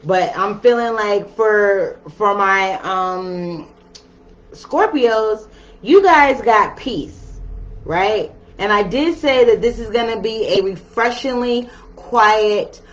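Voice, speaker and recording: A woman's voice: medium pitch, takes it slowly. A woman giving a casual tarot reading, chatty and slangy, talking straight to her viewers. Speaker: tarot reader. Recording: dull lo-fi sound with faint ambience.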